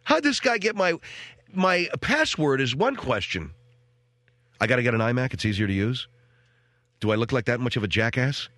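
A man's voice: mid-range voice, big pitch swings, moderate pace, long pauses, bright, forceful tone, no echo. A middle-aged man hosting a talk show, ranting in a rambling, wisecracking way and mimicking the people he talks about. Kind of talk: comic rant to co-hosts.

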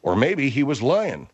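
A man hosting a comedic radio talk show, exasperated and deadpan with his guests. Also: medium pitch, dull audio.

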